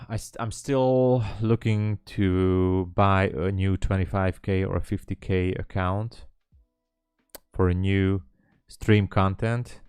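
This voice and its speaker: A man's voice: low voice, fairly even intonation, slow pace, darkish tone, smooth, dry recording, studio quality. A man hosting a live trading stream, chatting casually and hesitantly with viewers in a rambling way. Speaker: livestream trading host.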